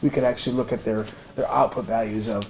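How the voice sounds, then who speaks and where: A man's voice: medium pitch, steady tone, fast talker. A man giving an informal math lesson, thinking aloud with many fillers and restarts. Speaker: math teacher. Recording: noisy room recording.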